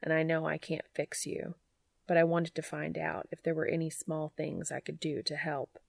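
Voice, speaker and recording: A woman voicing a calm, commanding grown man who speaks in low, steady, soothing phrases. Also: normal speed, vocal fry, no echo. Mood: gentle.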